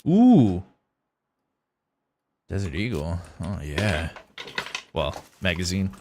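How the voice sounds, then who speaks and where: A young man streaming a survival game live, rambling easily to his viewers between bits of play. His voice sits low for a man, and he talks in a loose, conversational way. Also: very animated, takes it slowly, warm tone, slight background noise. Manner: casual, rambling, talks to chat while playing. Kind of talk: live gameplay commentary.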